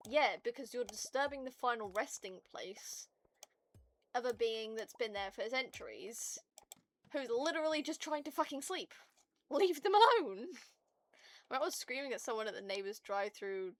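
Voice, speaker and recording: A woman streaming to her viewers in casual chat, ranting in an animated and profane way. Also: mid-range voice.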